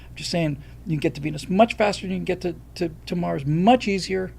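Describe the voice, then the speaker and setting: An older man from the United States hosts a livestream, his voice sitting high with vocal fry and a darkish tone. He talks a little fast over a faint hiss or hum, bluntly and emphatically airing casual opinions while reading out viewer donations and thanking the donors.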